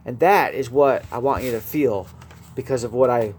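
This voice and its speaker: A man's voice: mid-range voice, moderate pace, darkish tone, slight background noise. A man preaching a radio sermon, earnest and building to emphatic peaks.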